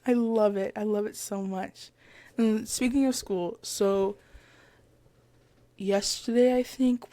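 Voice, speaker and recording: This woman in her twenties has a mid-range voice and there's no room sound. On her own casual podcast, recorded via headphones with a mic, she chats and retells stories, voicing the people in them vividly.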